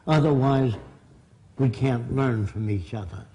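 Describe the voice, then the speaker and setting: A man's voice: medium pitch, unhurried, warm tone, rough recording. An older man giving a blunt, emphatic seminar lecture to a live audience. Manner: blunt, emphatic, plain-spoken. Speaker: seminar speaker. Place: seminar room.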